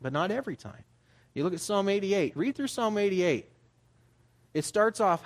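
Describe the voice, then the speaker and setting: A man's voice: high voice, sing-song, normal speed, pauses often. A man preaching as a pastor, in a conversational style that builds to emphatic urging. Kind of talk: sermon.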